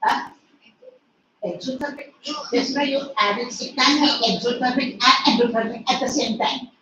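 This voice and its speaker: A woman's voice: high voice, normal speed, fairly bright tone, lo-fi sound. A woman chemistry teacher with an Indian English accent, lecturing an online class in a strict, scolding way and firing questions at her students. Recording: echoey room, distant mic, faint noise.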